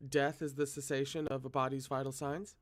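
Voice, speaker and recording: A man's voice: mid-range voice, flat delivery, brisk, close to an everyday voice. A man voicing an impatient young man who answers bluntly. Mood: terse.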